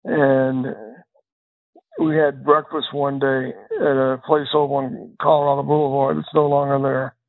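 A man's voice: mid-range voice, little pitch movement, a little slow. An older man, a former district attorney, telling a long story in an interview, often repeating words as he goes. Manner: reflective storyteller who repeats words and restarts phrases. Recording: tinny phone-line sound.

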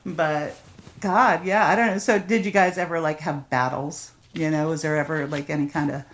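A woman's voice: deep voice, steady tone, moderate pace, echoey room. A middle-aged woman hosting a podcast in casual chat, laughing often and swearing freely. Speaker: podcast host.

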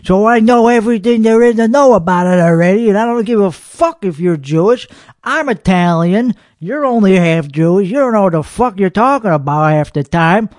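A belligerent, foul-mouthed comedian rants and rambles, played by a man. His voice sits high for a man, recorded close and dry with no room sound. He jabs and boasts in a rough, combative comedic podcast style. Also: animated, moderate pace, a little mellow, dry recording. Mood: mocking. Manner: profane ranting, rambling and belligerent. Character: hot-headed, foul-mouthed, boastful male comedian host. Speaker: podcast host. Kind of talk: comedic character monologue.

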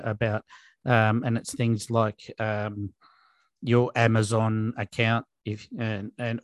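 An Australian man with a middle-pitched voice co-hosts a casual podcast chat. He talks with an exasperated edge and stumbles over his words, repeating them as he restarts. The mic is close and dry. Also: no room sound. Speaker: podcast co-host.

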